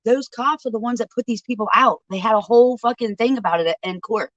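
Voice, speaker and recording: A man from Ohio with a high voice breaks into a casual chat with short, blunt remarks and some swearing. The sound is dull and dry, lo-fi and close. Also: a little fast, fairly bright tone, no echo.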